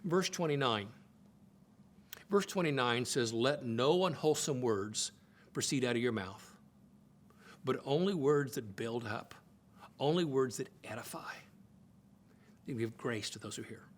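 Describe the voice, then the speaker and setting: A middle-aged man teaching on marriage in a conversational preaching style, stressing points by repeating phrases and jumping in pitch. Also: unhurried, pauses often. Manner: emphatic, repeats phrases for stress, jumps to high excited pitch. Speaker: Bible teacher.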